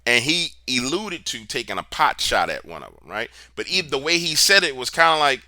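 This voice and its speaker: A man's voice: mid-range voice, very animated, a little fast, hardly any pauses, pushed and bright, no room sound, clean studio sound. A man being interviewed, telling a story in a casual, slangy, emphatic way. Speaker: interview guest, paranormal researcher.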